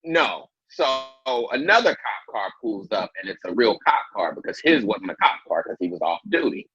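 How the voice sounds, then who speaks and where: A man's voice: normal speed, highs cut off. A man from Indianapolis, a comedian, telling a story in a casual interview and acting out quoted lines. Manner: animated storyteller, acts out quotes in a much higher voice. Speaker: guest, comedian.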